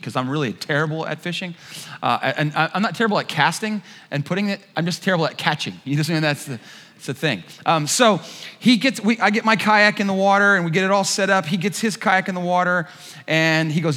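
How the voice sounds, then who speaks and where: A man preaches in a large church, and his high, bright voice rings out with a long reverb. He tells stories with lively energy and acts out the lines of the people in them, sometimes shouting them. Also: a little fast. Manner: animated storyteller, acts out quotes with shouts. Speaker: pastor. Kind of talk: sermon with a humorous personal story.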